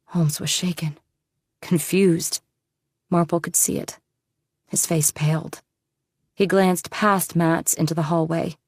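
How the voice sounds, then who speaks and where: A woman narrating an audiobook in a measured, steady storytelling manner. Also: on the low side, gravelly, no room sound, studio quality. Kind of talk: scripted narration.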